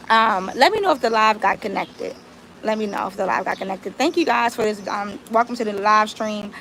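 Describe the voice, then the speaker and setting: A woman, telling a story on a live stream in casual, animated talk and swearing freely. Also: medium pitch, gravelly, slight background noise. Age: 30s. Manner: animated, swears freely, talks straight to viewers. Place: outdoors.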